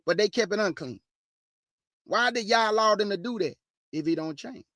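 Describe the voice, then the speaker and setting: A woman hosting an informal Bible teaching, reading verses slowly and firmly and breaking in with pointed rhetorical questions in a casual, plain-spoken way. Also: on the high side, a bit bright, no echo, clean studio sound. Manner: casual, plain-spoken, addresses listeners as "y'all".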